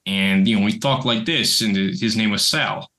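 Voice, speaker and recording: Bright-voiced man telling a story. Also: on the low side, moderate pace. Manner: rambling anecdote with restarts and laughter. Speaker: podcast co-host and creator. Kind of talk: casual storytelling chat.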